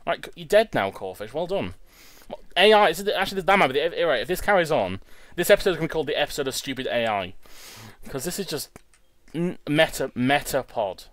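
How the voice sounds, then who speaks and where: A man's voice: fairly high pitch, sing-song, fairly quick, a bit bright, no echo. A young man in his twenties hosting a let's-play, rambling casually and tripping over his words. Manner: chatty, rambling, stumbles and repeats words. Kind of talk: casual gameplay commentary. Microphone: home recording setup.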